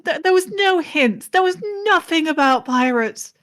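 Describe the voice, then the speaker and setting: A woman's voice: sits high, lively intonation, normal speed, a bit bright. A woman streaming a game with friends, chatting casually with a sweary, exasperated edge. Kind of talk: casual chat.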